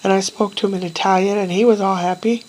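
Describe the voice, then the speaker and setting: A middle-aged woman vlogging casually, telling a rambling personal story in a meandering, wistful way with pauses and trailing sighs. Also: mid-range voice, steady tone, a little mellow, slight background noise, low-quality recording.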